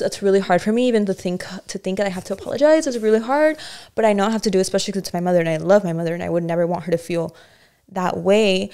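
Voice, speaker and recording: A woman's voice: medium pitch, darkish tone, smooth. A young woman co-hosting a casual podcast chat, talking in a candid, rambling, self-reflective way with many restarts. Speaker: podcast co-host.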